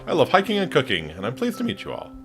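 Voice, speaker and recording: A man's voice: mid-range voice, huge pitch swings, quick pace, vocal fry, music in the background, voice pushed up. A man reading as a cheerful middle-aged woman.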